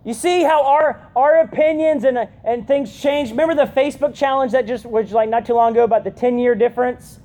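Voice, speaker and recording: A woman giving a conversational youth sermon, often checking in with her listeners with a quick "right?". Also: fairly high pitch, warm tone. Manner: chatty, keeps asking "right?". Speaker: youth pastor.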